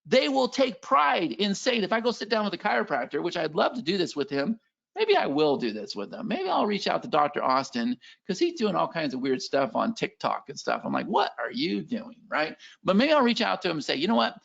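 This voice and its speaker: A man hosting a live sales webinar, energetic and pushy, hyping up the chat and repeating himself. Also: high-pitched, fairly quick, vocal fry. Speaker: webinar host selling software. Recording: dull lo-fi webinar audio.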